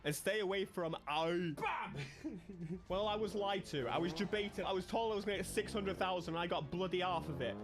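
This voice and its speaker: A man giving excitable let's-play commentary, talking to the game as he plays. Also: sits high, a little fast, background noise. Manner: animated, excitable, talks to the game. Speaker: gaming streamer.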